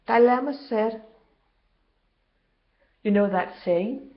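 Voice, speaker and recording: A woman speaking in a casual monologue as a self-described healer, earnest and halting, often pausing to search for words. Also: a little high. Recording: slightly dull lo-fi recording.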